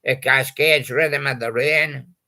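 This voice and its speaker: A male host with a very gravelly, heavily creaky voice that is also strikingly bright and forceful. He takes his time, drawling through jokey puns on old song titles. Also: medium pitch, steady tone, slow. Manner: punning, jokey, chuckles at his own gags. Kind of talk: playful patter about old song titles.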